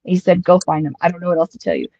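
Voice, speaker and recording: A woman's voice: fairly low pitch, rapid-fire, highs cut off. Chatty young woman telling a long story. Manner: chatty, rambling, quotes others in lively asides. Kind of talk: casual storytelling chat.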